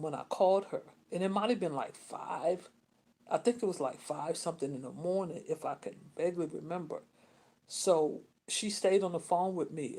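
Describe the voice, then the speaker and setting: A woman, telling a personal story in a rambling, repetitive way with many restarts and pauses. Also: low voice, a little mellow. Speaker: vlogger.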